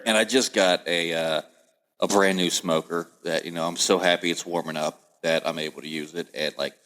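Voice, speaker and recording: A man hosting a casual podcast chat, telling lively family stories and acting out the voices of relatives. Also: low voice, normal speed. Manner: animated storyteller, acts out family voices. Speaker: podcast host.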